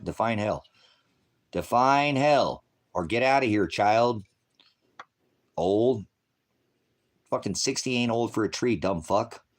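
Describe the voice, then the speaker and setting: A man in his sixties rambles through a monologue on his live stream, cursing freely. He swings between muttering low and ranting loudly.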